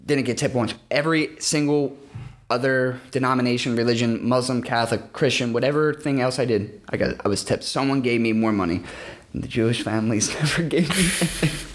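A man's voice: medium pitch, fairly quick. A young man co-hosting a podcast, telling a story in a rambling way, often repeating himself. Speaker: podcast co-host. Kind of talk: casual chat, storytelling.

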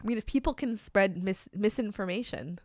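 A woman co-hosting a podcast in casual comedic chat, playful and quick to laugh. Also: medium pitch, no echo, studio quality. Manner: playful, laughs often, spins mock stories. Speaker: podcast co-host.

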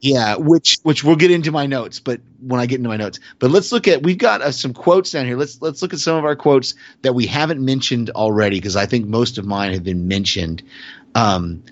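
A man's voice: medium pitch, a little fast, no room sound. Rambling man on dull lo-fi audio. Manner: rambling, self-correcting, animated storytelling. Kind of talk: casual chat.

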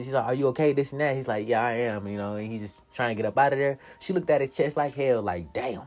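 Profane, animated man recapping a movie. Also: mid-range voice. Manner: profane, animated, laughs often, acts out quotes. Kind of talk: casual movie recap monologue.

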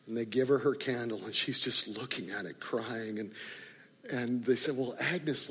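A man's voice: medium pitch, moderate pace, sharp tone, breathy edge. Man preaching a story in a reverberant hall. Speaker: pastor. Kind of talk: sermon storytelling. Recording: long reverb of a large hall.

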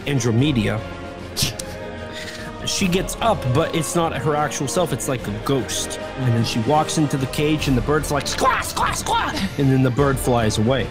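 A man's voice: medium pitch, moderate pace. A young man in casual comedic chat, animatedly retelling a movie plot as a podcast co-host. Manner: animated storytelling, squawking bird impressions, laughing. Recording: music playing behind.

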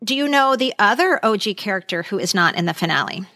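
Bright-voiced woman co-host, candid and dry-miked. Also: mid-range voice, animated, fast, dry recording. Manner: candid, giggly, opinionated. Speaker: podcast co-host. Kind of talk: casual chat.

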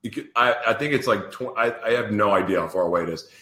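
A man hosts a casual interview, chatting in a loose, rambling way and laughing often. His voice is forceful and on the low side. The sound bounces around a roomy space. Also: fast. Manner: animated, rambling, laughs easily. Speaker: host.

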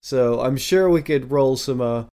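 A man with a smooth, resonant voice at a middle pitch, chatting casually on a podcast. He hesitates often and fills the gaps with small fillers. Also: a little slow, mellow. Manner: hesitant, full of uh and you know. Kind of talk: casual chat.

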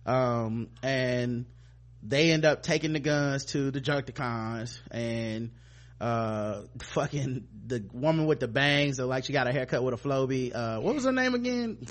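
A man's voice: medium pitch, unhurried. A man hosting a podcast, recapping a TV episode in loose, profane casual chat and mimicking the characters as he goes. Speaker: podcast host.

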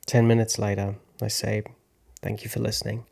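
Casting note: man in his thirties, slow reflective storyteller with a gravelly, flat low voice. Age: 30s. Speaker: podcast host, actor. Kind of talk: first-person storytelling narration.

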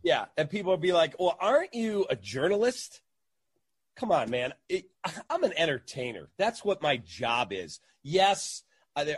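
A man, a sports radio entertainer, telling an animated anecdote in a casual interview and acting out the quotes. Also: a little high, breathy edge, no room sound.

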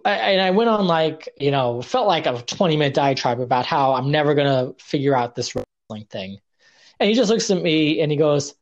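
A man's voice: on the high side, expressive, a little fast, lo-fi sound. A young man, a guest on a podcast, telling stories in a rambling, self-deprecating way with lots of fillers and restarts. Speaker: guest, indie wrestler. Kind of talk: casual storytelling interview.

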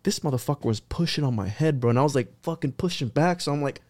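A man chatting on a podcast, telling stories in a rambling, profane, animated way. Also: fairly high pitch, quick pace, dry recording. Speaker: podcast guest. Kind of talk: casual podcast chat.

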